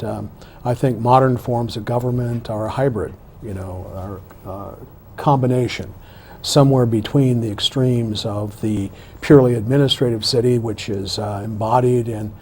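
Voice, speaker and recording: A man, a political science professor, explaining his views as a guest on a TV interview in a measured way, with some restarts. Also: medium pitch, steady tone, a little mellow, a little hiss or hum. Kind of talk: studio interview.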